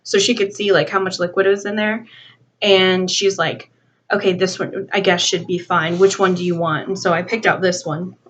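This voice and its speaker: A woman's voice: fairly low pitch, normal speed. Young woman vlogger, heated conversational rant, muffled home recording. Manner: animated, acts out both sides of a dialogue, heavy use of "like". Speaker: beauty vlogger. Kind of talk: casual storytime rant. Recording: slightly dull lo-fi home video audio.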